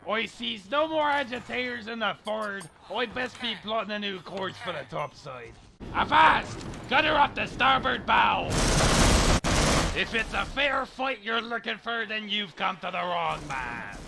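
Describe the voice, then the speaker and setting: Brief: a gravelly old pirate captain, slow and theatrical, gunfire behind. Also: male voice, high voice, very animated, background noise, full character voice. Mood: scheming. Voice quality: gravelly, growling pirate talk. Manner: theatrical, bellowing with hearty laughs. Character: gruff old male pirate captain, boastful. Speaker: gamer. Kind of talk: let's play commentary.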